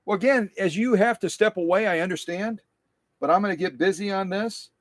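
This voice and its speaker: Middle-aged male workshop host, talkative and self-mocking, a touch high-pitched, dry recording. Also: a little fast, no echo. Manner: chatty, repeats phrases, self-deprecating. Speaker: livestream host restoring sewing machines. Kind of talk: casual live-stream chat while working.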